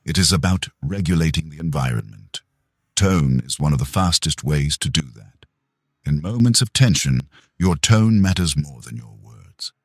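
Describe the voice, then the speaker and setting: A man reading a self-help audiobook in a slow, measured, calm scripted narration. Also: a bass voice, breathy edge, no echo, studio quality.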